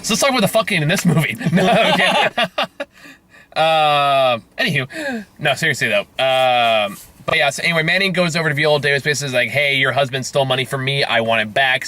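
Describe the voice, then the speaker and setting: A man in a casual movie review chat with a bright, clear voice. He rambles through his thoughts with many restarts and casual swearing, laughing easily along the way. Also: medium pitch.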